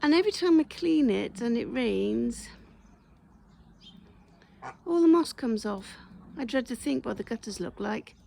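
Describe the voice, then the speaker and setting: Filmed on a phone in her garden, this woman, a smallholder vlogger, works outdoors and makes casual conversation with her geese and the camera while they honk nearby. She has a creaky, dark-toned voice with lively intonation and a measured pace, pausing often, and there's slight background noise. Chatty throughout, she teases the birds in a high singsong.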